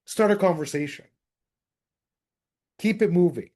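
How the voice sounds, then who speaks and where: A man coaching real estate agents in a direct, energetic lecture. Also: fairly high pitch, normal speed. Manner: direct, energetic, addresses group as guys.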